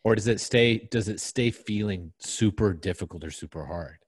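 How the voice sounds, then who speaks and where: A man hosting a podcast, asking questions in a relaxed, joking way. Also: fairly low pitch, slightly rough, no room sound, clean studio sound. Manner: joking, tosses in quick questions. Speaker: podcast host. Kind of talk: casual conversation.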